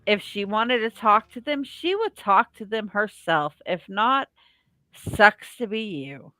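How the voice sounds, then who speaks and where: Slow-talking, outspoken woman. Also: mid-range voice, animated, pushed and bright, dry recording, soft background music. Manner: opinionated, outspoken, swears freely. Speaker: podcast co-host. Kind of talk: casual reality-show recap chat.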